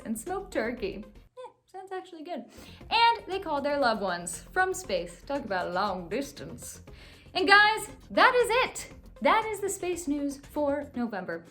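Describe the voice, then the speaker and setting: Bubbly high-voiced woman hosting news recap. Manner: playful, jokey asides. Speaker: host. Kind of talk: casual scripted news recap.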